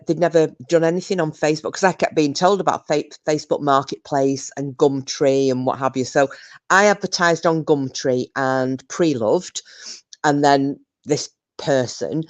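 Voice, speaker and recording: A British woman chatting casually on a livestream, reading comments and telling a rambling story full of restarts. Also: deep voice. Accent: British English. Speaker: livestream host. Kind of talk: casual live chat reading viewer comments.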